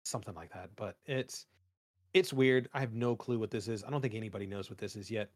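Joking and rambling with many fillers, a young man co-hosts a relaxed podcast in a voice on the low side, a little mellow and a little fast. The sound is dry and of studio quality.

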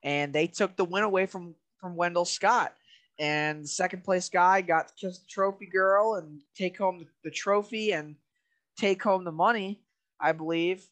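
A man's voice: high voice, moderate pace, a bit bright. A man co-hosting a podcast in casual chat, rambling and leaning heavily on "you know" fillers. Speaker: podcast co-host.

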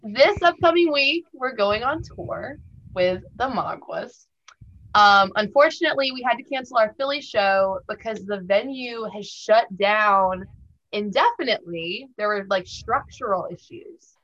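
A woman's voice: a little high, expressive, measured pace, a bit bright. Chatty woman musician on lo-fi audio. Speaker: band member guest. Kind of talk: casual podcast interview. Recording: dull lo-fi audio.

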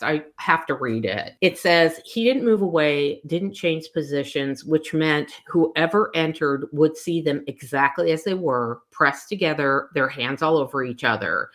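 A woman's voice: low voice, a bit bright. A woman co-hosting a casual book discussion, reading passages aloud and laughing often. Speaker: book podcast co-host.

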